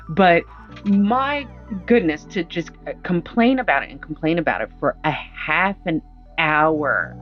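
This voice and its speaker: A woman host reacting to a story in casual, indignant and emphatic commentary. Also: sits low. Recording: dull lo-fi sound with faint music.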